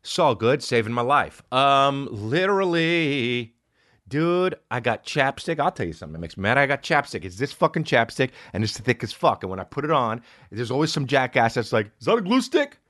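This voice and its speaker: Rambling foul-mouthed man, lively pitch. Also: moderate pace, no room sound, studio quality. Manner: rambling, swears constantly, jumps to loud high outbursts. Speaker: podcast host. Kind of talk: profane casual monologue.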